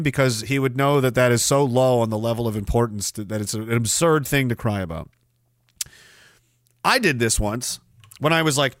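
Sneering man ranting, bright tone. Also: mid-range voice, no echo, clean studio sound. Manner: sneering, mocking. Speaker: podcast host. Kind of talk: ranting commentary.

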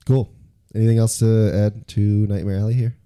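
Dark-voiced laughing podcast host, a man. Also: lowish voice, level tone, normal speed, smooth, no room sound. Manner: laughs often, playful. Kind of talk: casual movie review chat.

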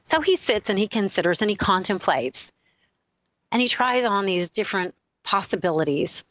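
A woman giving a spiritual talk, retelling a legend in a lively storytelling manner. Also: mid-range voice, no room sound, rough recording. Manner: animated storyteller, switching quickly between characters. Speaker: spiritual speaker.

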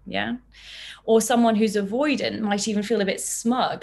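Woman psychologist explaining calmly. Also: mid-range voice, gravelly. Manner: explains with everyday examples, thoughtful and measured. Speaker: clinical psychologist guest. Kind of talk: conversational interview explanation.

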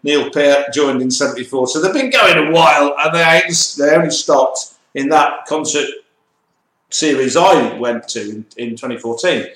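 Animated man ranting, echoey room. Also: fairly high pitch, normal speed. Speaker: co-host. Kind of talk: casual banter.

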